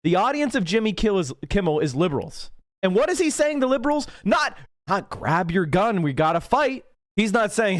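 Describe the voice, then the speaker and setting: A man's voice: high-pitched, very animated, normal speed, no echo, studio quality. A man from Pennsylvania hosting a political livestream, ranting angrily and swearing with heavy emphasis. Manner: angry, profane, emphatic. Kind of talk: heated livestream rant.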